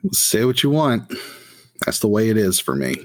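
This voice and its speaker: A man's voice: fairly low pitch, big pitch swings, normal speed, dry recording. A man voicing a tired, loyal male vampire ritualist who speaks earnestly and defensively. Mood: dutiful.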